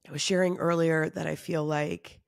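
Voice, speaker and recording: A woman's voice: sits low, fairly even intonation, normal speed, creaky, no echo, clean studio sound. A woman hosting her own podcast alone, talking candidly and confessionally, tired and run down, with casual laughs and the odd swear. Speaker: podcast host. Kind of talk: candid solo podcast talk.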